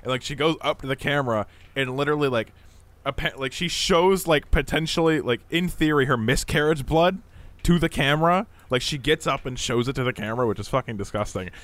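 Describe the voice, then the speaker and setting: A young man co-hosting a casual podcast, animated and swearing freely. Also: mid-range voice, fairly quick, no room sound. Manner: animated, swearing, mimics voices when retelling. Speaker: podcast co-host. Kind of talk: casual chat.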